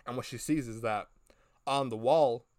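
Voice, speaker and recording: A man's voice: medium pitch, normal speed, no room sound, studio quality. Rambling, chatty male podcast cohost. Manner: rambling, animated retelling with many fillers and acted quotes. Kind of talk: casual review chat.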